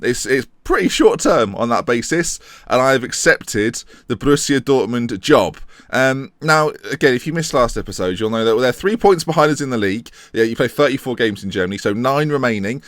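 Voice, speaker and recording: A young man talks through his game session in a loose, playful way, poking fun at himself as he goes. His voice leaps up and down with lively energy. The sound is dry and close, with no room around it. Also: mid-range voice, a little fast, no room sound. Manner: chatty, self-mocking, playful commentary. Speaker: gaming channel host. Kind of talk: casual game commentary.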